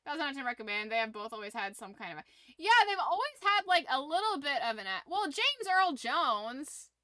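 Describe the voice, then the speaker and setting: A woman streaming from her room at home, chatting casually with viewers in a rambling, excitable way and laughing often. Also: sits high, normal speed, no echo. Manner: animated, rambling fan enthusiasm with frequent laughs.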